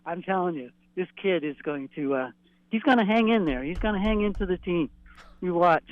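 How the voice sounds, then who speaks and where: A man calling in to a sports show, speaking with joking excitement. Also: sits high, a little fast. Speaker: regular caller. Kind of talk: phone-in chat. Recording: muffled phone line.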